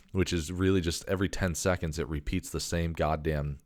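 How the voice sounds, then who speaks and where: A man's voice: low-pitched, steady tone, brisk, hardly any pauses, a little mellow, no echo, studio quality. A man telling a long, exasperated story in casual podcast chat, swearing and restarting his sentences often. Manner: exasperated, profane rant with many restarts. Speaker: podcast host.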